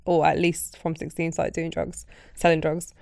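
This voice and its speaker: A man hosting a podcast, with a smooth, clear voice. He asks follow-up questions and keeps the guest going with affirmations. He is recorded dry and close. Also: fairly high pitch, completely flat delivery, moderate pace, no room sound. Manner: supportive, frequent affirming interjections. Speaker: host. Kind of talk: podcast interview.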